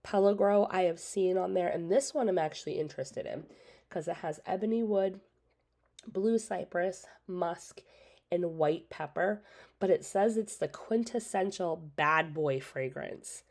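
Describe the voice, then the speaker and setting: A woman with a low-pitched voice chats her way through an old product catalog. She is casual and opinionated, often adds "like" and "so", and talks around a cough drop in her mouth. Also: a little slow, darkish tone. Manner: chatty, opinionated, lots of "like" and "so". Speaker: independent scent consultant and channel host.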